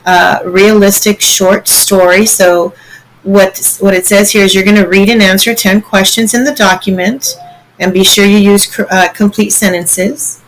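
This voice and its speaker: A woman's voice: medium pitch, level tone, a little slow, slight background noise, low-quality recording. Patient woman teaching a lesson. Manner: patient, explains step by step, checks in with "okay?". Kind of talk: recorded online lesson walking through slides.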